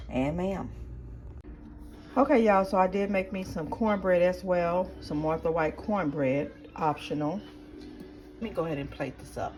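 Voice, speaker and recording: A woman talking casually through her home cooking, step by step, as a regular cooking vlogger. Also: low voice. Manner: chatty, talks viewers through each step. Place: home kitchen. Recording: kitchen clatter of pots and dishes behind.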